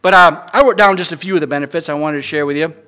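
A man's voice: on the high side, rapid-fire, sharp tone. A middle-aged man preaching an earnest sermon as pastor, with frequent stammering restarts and emphatic rises.

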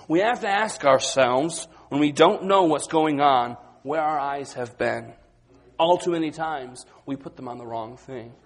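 A man preaching a sermon, moving between quiet, low passages and loud, excited retellings of the disciples. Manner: dynamic, swings from quiet to loud and high when acting out the disciples.

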